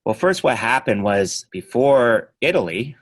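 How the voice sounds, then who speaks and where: A middle-aged man, a judo coach, chatting as a podcast guest and telling animated stories, often laughing and trailing off quietly. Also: medium pitch, a little slow, no echo. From Canada. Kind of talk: casual podcast chat.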